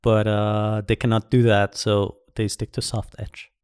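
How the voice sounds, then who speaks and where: A man from Iran co-hosting a podcast, talking casually and haltingly, unable to roll his R. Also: fairly low pitch, level tone, darkish tone, clear, resonant tone, no echo, studio quality. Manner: halting, restarts often, cannot roll R. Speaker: podcast co-host. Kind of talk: casual chat.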